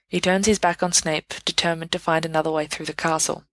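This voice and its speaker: A woman narrating a fan story aloud in an even, measured way. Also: low-pitched, no echo, rough recording. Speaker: podfic reader. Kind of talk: scripted narration.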